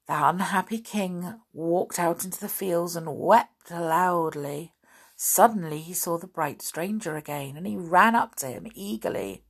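A woman narrating a children's storybook aloud in an expressive, gently emotive way. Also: on the low side, a little slow, gravelly, husky.

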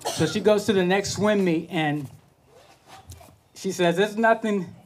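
A man hosting a podcast, telling a motivational story in a lively, animated way and acting out the voices. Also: high-pitched, a little slow, slight background noise. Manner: animated, acts out voices, laughs at his own story. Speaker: podcast host.

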